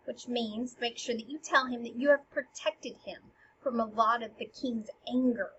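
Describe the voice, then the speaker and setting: A woman's voice: fairly high pitch, steady tone, normal speed, fairly bright tone. A woman teacher explaining a play scene by scene in a chatty, playful way, in a slightly dull recording with faint hiss. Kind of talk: casual explainer lesson.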